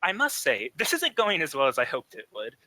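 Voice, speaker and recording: A man's voice: a little high, wildly swooping pitch, brisk, bright, forceful tone, no echo, full character voice. A man voicing a polite, fretful flying hero with a genteel, courteous way of talking. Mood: hurried.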